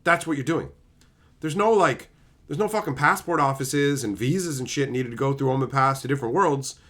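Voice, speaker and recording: A man's voice: mid-range voice, brisk, fairly bright tone. A man streaming live, ranting with exasperated, profane mockery while reading chat.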